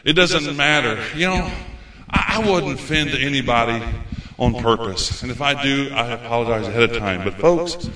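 A man's voice: medium pitch, lively intonation, normal speed, hardly any pauses, sharp tone. A man preaching a sermon as pastor, a folksy storyteller who acts out his own past words. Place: church sanctuary. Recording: echoey church hall.

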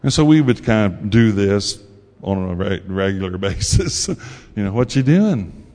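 A man's voice: deep voice, expressive, a little slow, darkish tone. A man giving a sermon testimony, telling his story in a folksy way and acting out the voices in it. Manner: folksy storytelling, acts out quotes. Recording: long hall reverb.

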